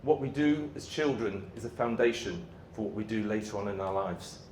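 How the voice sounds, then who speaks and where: A man's voice: on the low side, moderate pace, a little hiss or hum. A middle-aged man, giving a live conference talk and leading the audience in playful chants. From Yorkshire, England. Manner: energetic, playful crowd-warming with shouted chants. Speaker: motivational speaker.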